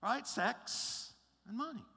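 A man's voice: very high-pitched, lively intonation, takes it slowly, vocal fry, bright, forceful tone, husky. A male pastor preaching a sermon in an emphatic, conversational way, often checking in with his listeners. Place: large church auditorium. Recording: long reverb of a large hall.

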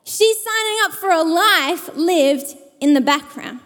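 A woman preaching a sermon with a high voice that carries through a reverberant hall. She tells stories with quick humour and leans on repeated phrases to drive her points home. The long reverb of the room trails after each line. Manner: lively, jokey storytelling with repeated emphatic phrases.

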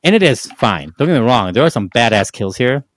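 A man's voice: medium pitch, very animated, brisk, a bit bright. A man co-hosting a casual movie review chat, rambling with many restarts. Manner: rambling, frequent restarts and fillers. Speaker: podcast co-host.

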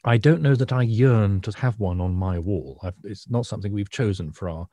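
Low husky british guy, mellow tone, kinda rambly and self-deprecating about art. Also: brisk, no echo. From Britain. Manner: self-deprecating, hesitant with many uhs. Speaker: podcast co-host, art historian. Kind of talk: casual chat.

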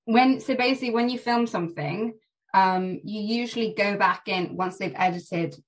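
With a medium-pitched voice at a moderate pace, an actress chats as a podcast guest. She shares filming anecdotes in a casual interview, laughing lightly.

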